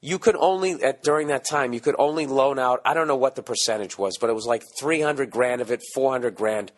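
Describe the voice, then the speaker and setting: Hoarse profane man ranting. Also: mid-range voice, fairly quick. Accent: Boston. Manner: profane, animated ranting with mocking asides. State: hoarse from screaming. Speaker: podcast host. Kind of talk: casual ranting monologue.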